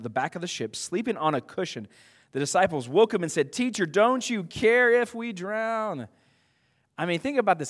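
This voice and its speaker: A man preaching a sermon to his church in a conversational, animated way, with frequent asides. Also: a little high, in a large hall. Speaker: pastor.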